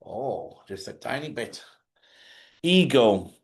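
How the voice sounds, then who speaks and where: A man's voice: medium pitch, very animated, takes it slowly. A man hosting a live advice talk, speaking bluntly and swearing freely as he urges people to forgive and let go. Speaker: host. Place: lives in Spain.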